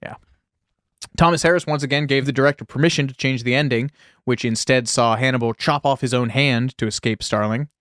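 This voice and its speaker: A man's voice: mid-range voice, fairly even intonation, brisk, fairly bright tone, no echo, studio quality. A man co-hosting a casual podcast, reading out film history with wry, sarcastic asides. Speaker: podcast co-host.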